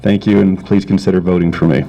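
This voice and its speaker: A man's voice: sits low, fairly even intonation, fast talker, vocal fry, dull audio, very noisy. A man running for council, giving an informal closing statement in a joking manner. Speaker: council candidate.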